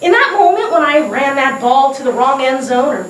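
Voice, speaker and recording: A woman telling a comic personal story, animated and laughing often as she acts out what people said. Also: sits high, brisk. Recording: echoey distant mic with noise.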